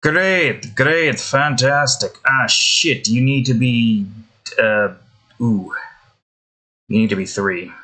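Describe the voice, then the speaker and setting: A man's voice: medium pitch, slow, pauses often, pushed and bright. A man giving rambling gameplay commentary while building in a game, interrupting himself often and swearing. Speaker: game content creator. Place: indoors.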